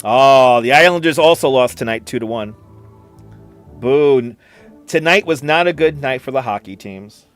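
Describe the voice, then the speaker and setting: A man's voice: mid-range voice, animated, measured pace, faint music behind. A middle-aged man with a New York accent hosting a casual live stream, chatting with viewers, repeating himself and laughing often. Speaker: livestream host. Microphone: computer streaming setup.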